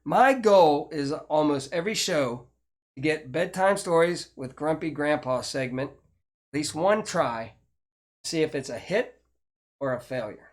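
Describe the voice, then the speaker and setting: A man's voice: fairly high pitch, lively intonation, a little slow. An older man, hosting a casual chat show and talking in a rambling, chatty way with frequent restarts. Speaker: host.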